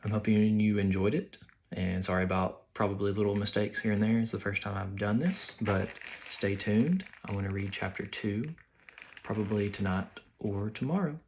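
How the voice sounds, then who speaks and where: Brief: man with a lowish voice reading a book aloud to his students, plain and steady. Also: moderate pace, a little hiss or hum. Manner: plain, steady, small slips and restarts. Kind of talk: audiobook-style read-aloud.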